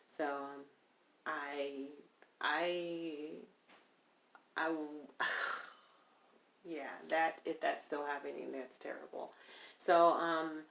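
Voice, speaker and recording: A woman telling a personal story in a casual interview, animated and acting out the people she quotes. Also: low-pitched, extremely slow, gravelly, pauses often, slight background noise. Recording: roomy echo.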